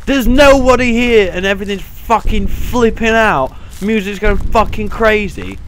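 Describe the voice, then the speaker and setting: A man's voice: high voice, lively intonation, measured pace, fairly bright tone, slight background noise. A young man playing a horror game, swearing constantly and breaking into panicky outbursts. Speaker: gaming channel host. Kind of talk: let's play commentary.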